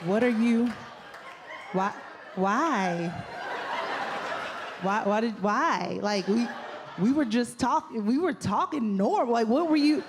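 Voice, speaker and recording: A woman's voice: a little high, slow, long pauses, background noise. A woman doing a stand-up comedy set in a club, telling stories animatedly and acting out the people in them. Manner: animated storytelling with acted-out quotes. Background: audience laughter.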